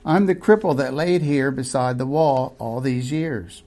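A man's voice: medium pitch, unhurried, dark tone, lightly acted. Man as a former cripple, now healed: insistent, joyful.

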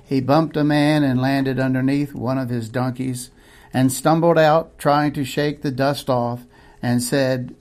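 A man's voice: medium pitch, fairly even intonation, a little slow, darkish tone. Preacher guy telling a dramatic story sermon, very vivid. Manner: vivid storyteller, acting out scenes.

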